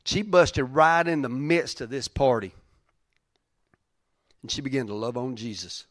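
A man's voice: medium pitch, unhurried, dry recording. Emphatic preaching man, dry close sound. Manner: emphatic, repeats phrases for effect, swings between loud and soft; plain-spoken, folksy preaching. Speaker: pastor. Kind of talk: sermon.

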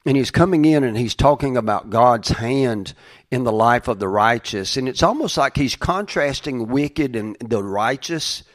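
A man's voice: mid-range voice, lively intonation, moderate pace. A middle-aged man, a pastor, giving a conversational sermon in a folksy way, with side stories and frequent restarts.

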